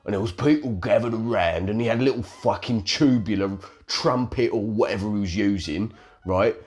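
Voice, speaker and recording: A man's voice: on the low side, moderate pace, a little mellow, close to an everyday voice. A man with a South London accent playing a crude, boastful male snake charmer who swears constantly in an improvised comedy sketch. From London, England. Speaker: guest.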